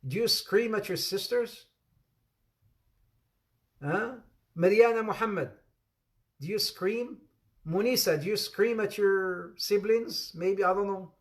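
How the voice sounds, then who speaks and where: This Islamic teacher's voice is high-pitched and slow, broken by long pauses, as he runs an interactive religious lesson. He jokes with playful asides, laughs often, repeats phrases for emphasis and addresses students by name.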